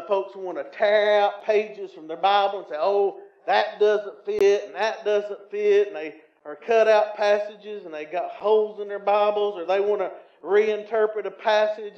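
Southern man, pastor, sermon, high-pitched, booming echo, loud-then-hushed delivery. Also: steady tone, moderate pace. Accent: Southern American. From Tennessee. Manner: swings between loud emphatic preaching and low, quiet asides. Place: church sanctuary. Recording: echoey, slightly muffled church recording.

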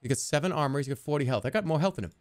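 A man streaming a video game in casual, jokey commentary, reading the on-screen text aloud and reacting with excitement. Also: fairly high pitch, very fast, noisy background.

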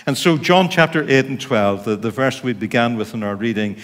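Northern Irish pastor preaching in a church hall. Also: male voice, mid-range voice, brisk. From Northern Ireland. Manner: informal, chatty preaching with asides to the congregation. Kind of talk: sermon.

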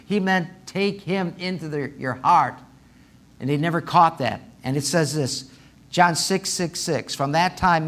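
Pastor preaching, gets loud and excited, chatty asides to the congregation, slightly high voice. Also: male voice. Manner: animated, rising loud when excited, conversational asides to congregation. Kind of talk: sermon. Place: church sanctuary.

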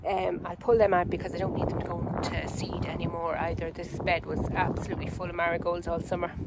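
Out in her vegetable garden, an Irish channel host strolls through her plot in a relaxed, talkative tour, often saying um and correcting herself. She speaks in a lowish, level voice over a very noisy recording.

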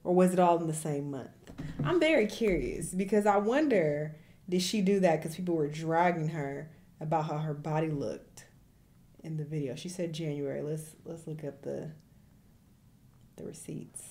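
A woman's voice: deep voice, normal speed, mellow, a little hiss or hum. A woman hosting a reaction video, chatty and wry, speaking directly to viewers. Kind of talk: casual reaction commentary.

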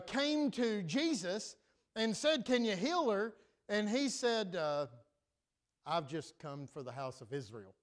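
A high-voiced male pastor preaches from the pulpit of a church. He swings from loud, stressed lines to quiet, confiding asides. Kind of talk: preaching a sermon. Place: church sanctuary.

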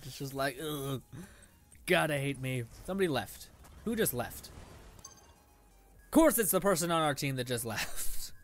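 A man's voice: medium pitch, expressive, normal speed, long pauses, soft background music. A young man giving casual gameplay commentary, sarcastic and frustrated, swearing often and laughing at his own losses. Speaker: gaming channel host.

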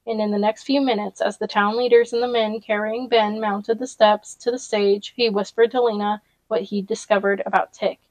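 A woman's voice: mid-range voice, level tone, normal speed, few pauses, darkish tone, dry recording, low-quality recording. A woman reading a novel aloud chapter by chapter, with casual personal asides along the way. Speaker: audiobook reader.

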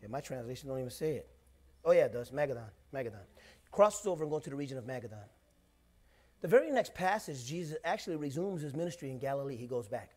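A middle-aged man, the pastor, preaching a sermon in a conversational way, swinging between loud bursts and hushed asides. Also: mid-range voice, lively intonation, fast talker.

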